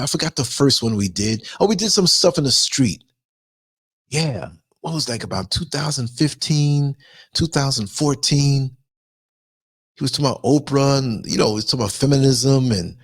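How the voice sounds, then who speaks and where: A man with a New York accent, a podcast host telling a story in a casual monologue, animated and acting out the voices he quotes. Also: medium pitch, no room sound.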